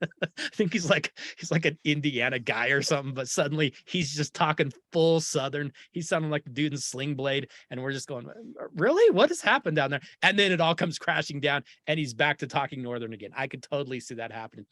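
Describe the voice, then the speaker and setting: A man hosting a sports talk show, talking in an animated, opinionated and jokey way. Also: mid-range voice, brisk, dry recording. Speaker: podcast host.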